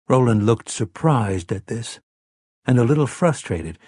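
A man reading an audiobook as narrator, measured and unhurried. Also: mid-range voice, animated, a little mellow, breathy edge, no echo, studio quality. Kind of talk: scripted narration.

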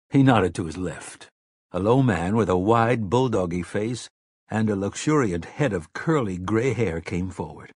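A man narrating an audiobook in a measured, even manner on a close mic. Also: fairly low pitch, no echo. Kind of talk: scripted narration.

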